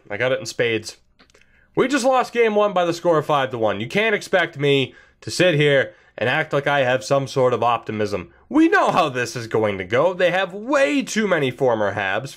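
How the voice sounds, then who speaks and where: A man hosting a video game series, giving sarcastic, self-mocking commentary from a room with a desk mic. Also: on the high side. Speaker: gaming channel host. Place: indoor room by a wall. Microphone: desk mic facing camera.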